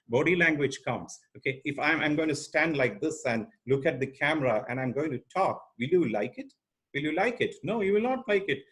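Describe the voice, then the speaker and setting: A man's voice: fairly high pitch, a bit bright, slightly rough. A middle-aged man giving an online training lecture as a corporate trainer, emphatic and asking the audience rhetorical questions.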